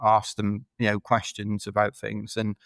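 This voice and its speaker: A man's voice: fairly low pitch, completely flat delivery, measured pace, vocal fry, fairly bright tone, no room sound. A man from the United Kingdom, a podcast guest, telling rambling, chatty stories full of fillers in a casual interview. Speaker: podcast guest, ultra runner.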